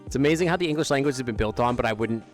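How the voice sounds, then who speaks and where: A man live-streaming from outdoors in a loose, rambling chat, often breaking into laughter and leaving sentences unfinished. His pitch sits in an ordinary middle range, and faint music plays in the background. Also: rapid-fire. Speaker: livestreamer. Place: outdoors near an amphitheater.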